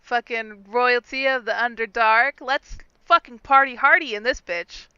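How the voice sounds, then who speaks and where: A woman voicing a brash, swaggering royal woman of the Underdark who speaks loudly and swears freely, heard through a dull, lo-fi recording. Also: a little high, moderate pace, clean tone, no echo. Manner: loud, swaggering, profane.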